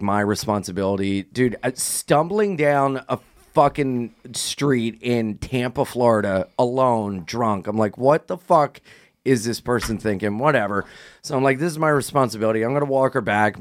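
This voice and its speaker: A young man co-hosting a casual podcast, telling a story in a relaxed way, swearing freely and acting out what people said. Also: medium pitch. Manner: laid-back, swears freely, acts out dialogue in quotes. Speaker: podcast co-host.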